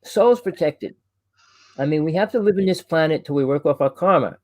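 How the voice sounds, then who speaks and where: A man from New Jersey with a New Jersey accent, hosting a casual chat, talking loud and fast and rambling with restarts. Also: a little high, animated, dry recording. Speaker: host.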